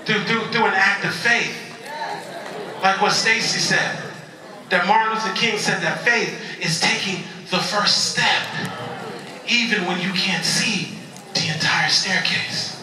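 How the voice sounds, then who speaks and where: Picked up from afar in an echoing convention hall, with a crowd in the background, a high-pitched man speaks a little slowly. He's a motivational speaker telling the audience a story, drawing call-and-response and stumbling into stammered restarts.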